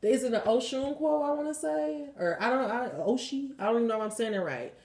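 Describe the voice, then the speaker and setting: A woman's voice: on the high side, lively intonation, a little fast, a little mellow, echoey room. A woman tarot reader giving a blunt, emphatic spiritual pep talk and leading affirmations, swearing freely.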